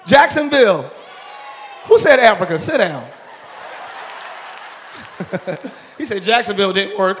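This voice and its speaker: A man's voice: high voice, big pitch swings, unhurried, pauses often, a bit bright. A male pastor talking playfully with his congregation during a live church service, joking and welcoming visitors. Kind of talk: live sermon crowd work. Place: large church auditorium. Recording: live church hall with crowd noise.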